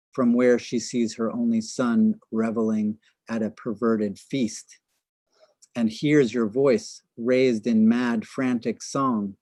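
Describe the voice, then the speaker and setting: A man's voice: medium pitch, darkish tone, no room sound, lightly acted. A man reading the part of a stern elderly priest, delivering the lines in a solemn, imploring way.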